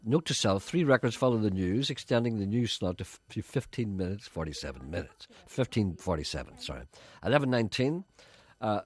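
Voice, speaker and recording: A middle-aged man presenting radio, dry and self-mocking as he reads out listener letters. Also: medium pitch. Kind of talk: wry radio chat with comic readings. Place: radio studio.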